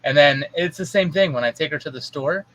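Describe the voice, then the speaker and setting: Casting: bright-voiced, blunt man, casual podcast co-host who swears freely. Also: a little high, fairly quick, poor audio. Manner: blunt, swears, acts out his stepdaughter in quotes. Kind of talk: casual chat.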